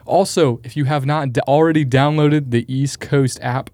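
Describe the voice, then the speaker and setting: Eager male co-host, promo delivery, mid pitch, dry sound. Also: fairly even intonation, moderate pace, darkish tone, no echo. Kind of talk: announcements on a church podcast.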